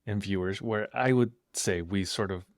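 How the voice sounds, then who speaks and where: Young male podcast co-host, relaxed and hesitant, dry close mic. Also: fairly low pitch, no echo. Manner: laid-back, hesitant, halting phrasing. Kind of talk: casual chat.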